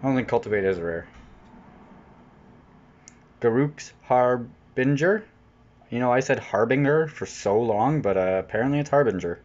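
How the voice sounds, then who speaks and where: A man's voice: mid-range voice, moderate pace, long pauses. Chatty man unboxing cards, lo-fi. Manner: chatty, jokey, prone to excited outbursts. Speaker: channel host unboxing cards. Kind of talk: casual unboxing commentary. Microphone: off-camera voice-over mic.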